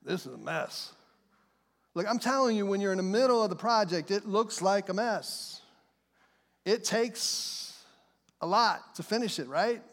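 Guy preaching in church, high voice, fired up and chatty, big hall echo. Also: measured pace. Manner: fervent and conversational, asks the crowd questions. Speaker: pastor. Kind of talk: sermon. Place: church sanctuary. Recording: long reverb of a large hall.

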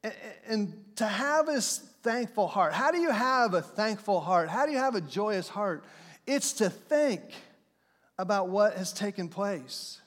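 A male pastor with a high-pitched voice delivers a lively, story-driven sermon. His voice rings out with a long reverb tail, as if in a large church sanctuary. He speaks straight to the congregation. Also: measured pace. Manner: storytelling, animated, acts out shouts and quotes.

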